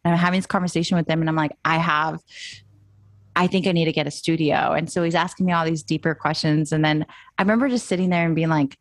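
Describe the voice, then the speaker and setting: A woman's voice: deep voice, fairly even intonation, fast, dry recording. A young woman, a photographer, chatting as an interview guest and acting out her own past thoughts as she tells her story. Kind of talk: casual interview chat. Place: moved to Austin.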